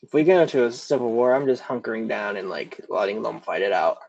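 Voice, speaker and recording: A man's voice: on the low side, expressive, fast talker, creaky, darkish tone. A man co-hosting a casual podcast chat in a laid-back way, often restarting his sentences. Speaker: podcast co-host. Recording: dull, lo-fi, dry mic.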